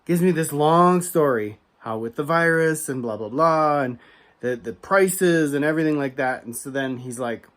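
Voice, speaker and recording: On his card collecting channel, an American man with a somewhat high voice talks at a moderate pace, ranting through a story. Chatty and animated, he keeps breaking into asides and restarting, becoming more heated and emphatic.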